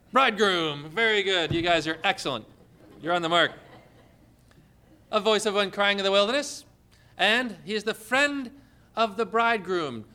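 A male pastor preaching a sermon, lively and often asking the congregation questions. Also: sits high.

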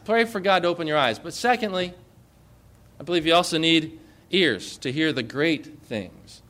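High-voiced earnest male pastor preaching. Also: fairly bright tone. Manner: earnest, conversational, asks the congregation questions. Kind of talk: sermon.

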